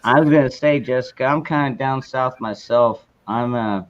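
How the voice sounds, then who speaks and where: A man hosting a live stream, chatting casually in a relaxed, jokey way. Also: mid-range voice, normal speed. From southwestern Arizona. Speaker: stream host. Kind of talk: casual chat. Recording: dull, lo-fi stream audio.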